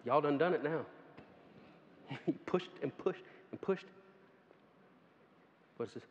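Animated high-voiced male preacher, echoey hall. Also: slow, a little hiss or hum. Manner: animated, laughing storyteller who acts out quoted voices. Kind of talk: sermon with storytelling. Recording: dull, echoey hall sound with faint ambience.

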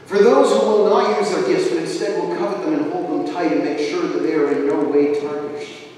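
A man's voice: a little high, brisk, darkish tone. A male minister giving a sermon, telling stories dramatically and with emphasis. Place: church sanctuary. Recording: echoey church hall from far off.

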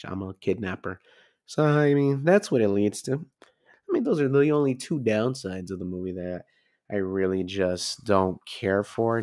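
A man's voice: on the low side, a little mellow, no echo, clean studio sound. A man in his twenties rambling casually through a movie review, swearing freely. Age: 20s.

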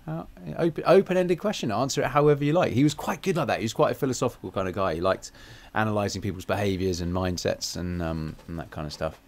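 A man's voice: fairly low pitch, fast talker, hardly any pauses. A man hosting a podcast in casual, chatty talk, self-deprecating and full of ums and restarts. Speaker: podcast host.

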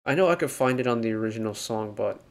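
A man's voice: on the low side, expressive, fast, background noise. Rambling man analyzing a song. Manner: analytical, rambling with many fillers. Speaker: K-pop reaction host. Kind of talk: casual reaction commentary.

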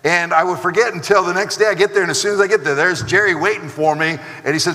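A man with an American accent preaches in a church, his voice high and bright. He acts out the people he describes with lively asides. The sound carries a long reverb from the hall. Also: quick pace, few pauses. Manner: animated preaching with acted asides. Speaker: pastor. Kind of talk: sermon. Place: church sanctuary.

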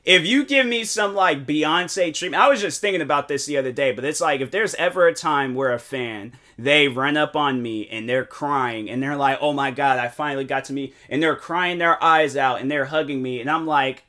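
A young man, a content creator, talking casually in a rambling, animated way with many fillers and restarts. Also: on the high side, moderate pace, hardly any pauses. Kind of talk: casual monologue.

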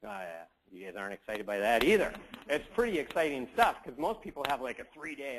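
A man's voice: medium pitch, sing-song, brisk, few pauses, a little hiss or hum, poor audio. Joking, rambling male tech presenter. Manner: casual, joking, rambling with many fillers. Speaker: conference presenter. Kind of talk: conference talk.

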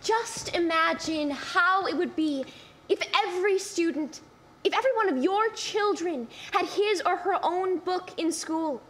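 A woman's voice: extremely high pitch, animated, measured pace, a bit bright, a little hiss or hum, full character voice. An actress playing an earnest young girl giving a pleading speech in a stage play.

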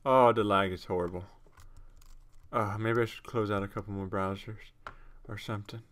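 A young man casually commentating his own gameplay at home on a desktop microphone, rambling and self-mocking with sudden excited outbursts. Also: on the low side, normal speed, slight background noise. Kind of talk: casual let's-play commentary. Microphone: desktop USB microphone.

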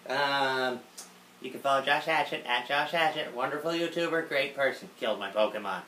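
A YouTuber hosting a casual viewer Q&A about gaming is sarcastic and self-mocking, swearing freely. His medium-pitched voice is bright and forceful at a moderate pace, in a roomy space with faint noise.

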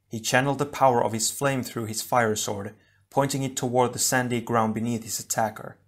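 A man narrating an audiobook in a measured, dramatic reading. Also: medium pitch. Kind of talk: scripted narration.

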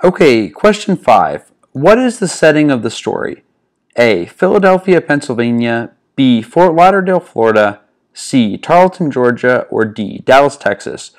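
A man's voice: mid-range voice, very animated, moderate pace. Casual man explaining test answers. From American Northeast. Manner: casual, walks through answers step by step. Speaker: test-prep tutor. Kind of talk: explaining a reading practice test. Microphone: desk microphone.

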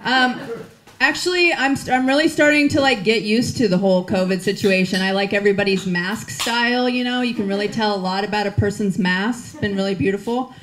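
A woman's voice: medium pitch, brisk. A woman from the Midwest doing a stand-up set, chatty and rambling with many fillers. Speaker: stand-up comedian, former teacher. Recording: crowd audible around stage.

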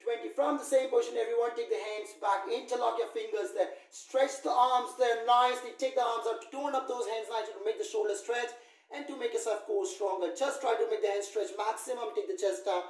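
In a roomy space with echo, a yoga instructor's very high voice carries from far away. He's brisk and fairly even in intonation, firmly coaching a live class through poses and counting out the holds.

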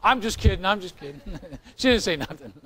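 A male pastor preaches in a high voice, loose and chatty, cracking jokes and teasing his congregation between points. He speaks to a live church crowd. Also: lively intonation, normal speed, pushed and bright, a little hiss or hum. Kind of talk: sermon. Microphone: recorded on tape in the room.

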